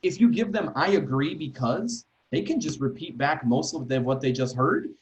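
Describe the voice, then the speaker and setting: A man training teachers in an online workshop, talking in a conversational, emphatic way and tagging sentences with quick questions to the group. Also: medium pitch, sing-song, muffled recording. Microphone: video call.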